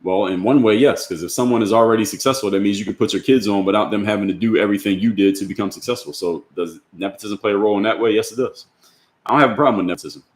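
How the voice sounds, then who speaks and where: Man, blunt, rhetorical, quick delivery, roomy echo. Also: on the low side. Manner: blunt, argumentative, rhetorical questions. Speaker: livestream host answering chat comments. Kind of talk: opinionated livestream talk.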